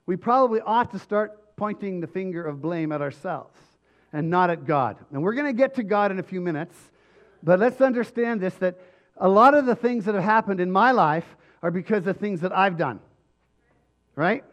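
A man preaching a sermon with emphatic delivery and frequent restarts, his voice slightly hoarse. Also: high-pitched, lively intonation, normal speed, a bit bright. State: voice going hoarse. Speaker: pastor.

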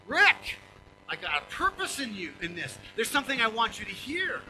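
An older man voicing God, gently calling. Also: high-pitched, huge pitch swings, fairly quick, faint music behind, pitched above the performer's own voice, full character voice, low-quality recording. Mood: coaxing.

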